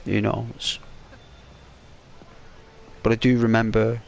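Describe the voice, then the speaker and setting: A man casually telling a rambling, halting story while commenting on a video game. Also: lowish voice, gravelly. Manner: rambling, halting, excitable when retelling. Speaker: gaming commentator. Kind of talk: casual storytelling over gameplay.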